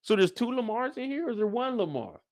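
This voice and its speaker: A young man hosting a casual livestream recap, animated and profane, often leaping into high exclamations. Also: quick pace, dry recording, studio quality. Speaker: show host.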